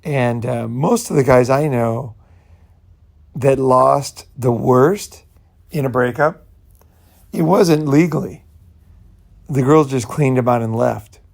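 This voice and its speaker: A man with a gravelly, fry-heavy voice at an ordinary middle pitch talks in a casual, meandering monologue. He speaks bluntly and swears now and then. He keeps checking in with "you know" and "right". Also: slow, long pauses, a little mellow. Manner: loose, repetitive, peppered with "you know" and "right"; blunt, profane. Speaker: channel host.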